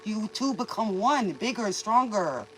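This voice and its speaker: A woman's voice: mid-range voice, big pitch swings, moderate pace, faint music behind, rough recording. A woman hosting a tarot reading stream, giving folksy, preachy life advice in a casual manner and calling the listener baby. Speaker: tarot reader and livestream host.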